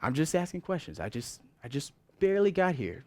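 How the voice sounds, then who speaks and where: A man's voice: a little high, very animated, brisk, darkish tone, no echo. A man preaching a sermon in an earnest, conversational way, stressing points with rising emphasis.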